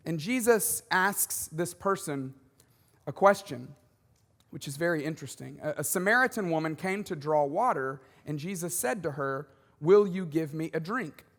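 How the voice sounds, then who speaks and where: Male pastor, high voice, chatty animated sermon w/ little jokes, echo of a big church hall. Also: normal speed. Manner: animated, conversational preaching with asides and jokes. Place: large church auditorium.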